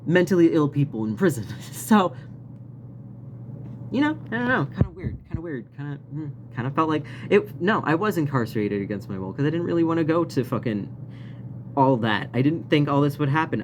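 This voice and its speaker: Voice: medium pitch, animated, normal speed, noisy background. A vlogger telling a story in a casual, rambling rant, swearing often and laughing now and then. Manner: profane, rambling, frequent laughs.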